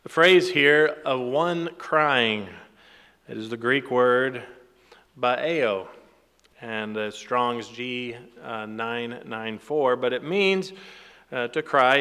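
A man's voice: mid-range voice, fairly bright tone, clear, resonant tone, big-room sound. A man teaching a sermon from the Bible, reading scripture aloud with rising emphasis and then explaining it plainly. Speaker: preacher.

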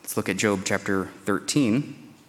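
A man's voice: lowish voice, unhurried. A man preaching through scripture, reading verses and acting out the speaker's pleas in a raised, dramatic voice. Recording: long hall reverb.

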